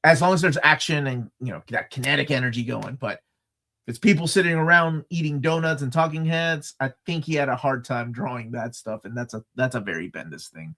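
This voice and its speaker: A middle-aged man co-hosting a casual live chat, animated and joking, often restarting his sentences. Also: medium pitch, fairly quick. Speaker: co-host.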